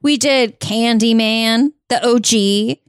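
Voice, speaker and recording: A woman co-hosting a podcast, joking through casual banter with quick playful asides. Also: fairly high pitch, fairly even intonation, smooth, no room sound, clean studio sound. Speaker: podcast co-host. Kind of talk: comedic casual chat.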